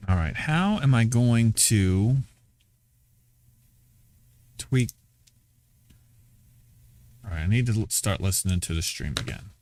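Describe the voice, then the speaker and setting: A man's voice: fairly low pitch, expressive, slow pace, long pauses, darkish tone. A middle-aged man hosting a casual livestream, talking to himself offhandedly while he tweaks his audio settings. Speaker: livestream host.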